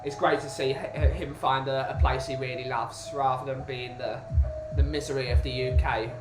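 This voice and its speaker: A man's voice: medium pitch, flat delivery, moderate pace. A man from the UK chatting casually as a podcast host, rambling and restarting his sentences. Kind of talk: casual chat. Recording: roomy with music behind.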